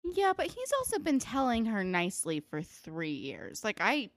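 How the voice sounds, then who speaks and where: Young woman co-host, low and lively, blunt and sweary, close dry recording. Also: normal speed, no room sound. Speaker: podcast co-host recapping a TV episode. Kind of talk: casual chat.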